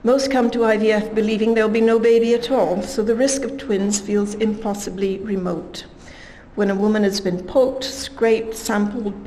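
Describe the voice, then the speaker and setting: A woman giving a scientific conference talk at a measured pace, reading quotes aloud with emphasis. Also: mid-range voice, mellow, slight background noise, poor audio. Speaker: conference speaker.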